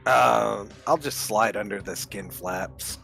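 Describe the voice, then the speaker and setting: A man's voice: fairly low pitch, slow, creaky, bright, forceful tone, faint music behind. A man playing a tabletop game, answering in a laid-back way. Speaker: player.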